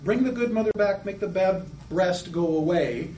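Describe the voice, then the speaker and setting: A man lecturing to a class, animated and acting out the voices of children as he explains. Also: sits high, normal speed, a little hiss or hum. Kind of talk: lecture on psychoanalytic theory. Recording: echoey room, mic at a distance.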